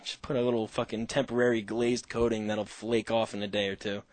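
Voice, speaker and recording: A man's voice: lowish voice, little pitch movement, brisk, a little mellow, no room sound. Male call-in host, loose and profane, rambles and laughs at his own jokes, dry close sound. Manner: rambling, heavy swearing, frequent laughter. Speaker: radio show host. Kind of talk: casual profane monologue.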